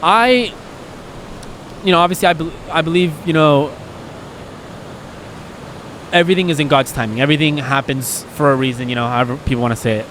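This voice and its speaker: A man's voice: fairly high pitch, a little fast, long pauses, a bit bright, a little hiss or hum. A man co-hosting a podcast, talking earnestly and emotionally in a rambling, candid way. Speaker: podcast co-host.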